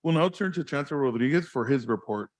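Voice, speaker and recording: A man's voice: mid-range voice, lively intonation, quick pace. A man serving as board president, chairing a meeting in a casual way, laughing easily and restarting sentences.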